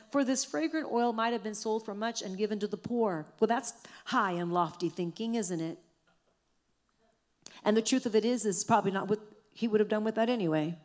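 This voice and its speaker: Impassioned woman preaching a sermon. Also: mid-range voice. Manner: impassioned, rising to loud exhortation with repeated phrases.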